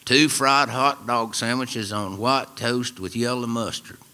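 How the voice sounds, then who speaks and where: A man's voice: mid-range voice, fairly even intonation, unhurried, pushed and bright. An older man from East Tennessee with a local accent, telling a wry, folksy story to a live radio studio audience. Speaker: storyteller and musician.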